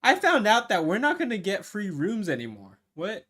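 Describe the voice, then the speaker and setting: Casting: animated joking tabletop player, mid pitch, bounces around a lot. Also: over a noisy crowd. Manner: lively, joking, quick to laugh. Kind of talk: casual tabletop play.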